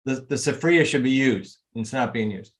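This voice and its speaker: A man coaching a group on a video call, talking in an emphatic, motivational way with quick asides. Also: mid-range voice, animated. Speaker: real estate coach.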